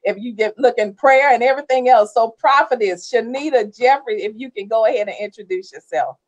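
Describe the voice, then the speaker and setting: A woman's voice: a little high, a little fast. A woman hosting a ministry talk show, effusive and preachy, introducing guests with frequent amens. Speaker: host.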